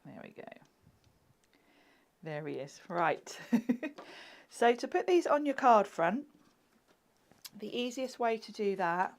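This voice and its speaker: Demonstrating card-making live, a woman speaks slowly in a sing-song, medium-pitched voice with long pauses. She chats, giggles, and frequently drops to a murmur while crafting.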